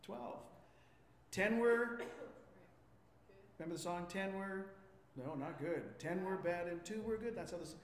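A male pastor in mid-sermon, quizzing the congregation and acting out the lines he quotes. His voice sits high. The sound carries a long reverb from a large church hall. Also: unhurried, long pauses. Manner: animated, asks the congregation questions; acts out quotes with rising voice. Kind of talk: interactive sermon.

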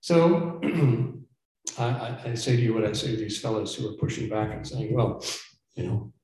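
A man's voice: mid-range voice, normal speed, mellow. A man preaching a sermon as pastor, earnest and emphatic, sometimes stumbling and repeating words as he presses a point. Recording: very echoey church room.

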